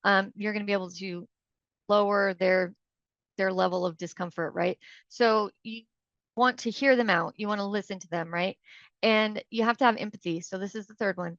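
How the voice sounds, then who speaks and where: A woman's voice: mid-range voice, fairly even intonation, normal speed, fairly bright tone, dry recording, dull audio. A woman giving a live coaching talk to real estate agents in a chatty, conversational way, often checking in with her listeners and acting out short phone exchanges. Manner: acts out short phone exchanges in quoted voices.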